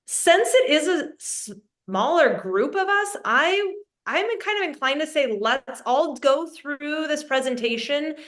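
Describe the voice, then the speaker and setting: A woman's voice: high-pitched, a bit bright. Earnest woman giving a webinar talk. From Oregon, USA. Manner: friendly, earnest, lots of "like" and "um" with restarts. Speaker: guest speaker, licensed marriage and family therapist. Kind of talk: conversational webinar presentation. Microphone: video call.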